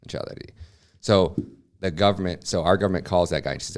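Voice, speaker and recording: A man from the United States, a journalist guest on a podcast, telling a story in a lively way and acting out the quoted dialogue. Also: sits low, quick pace. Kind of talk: podcast interview.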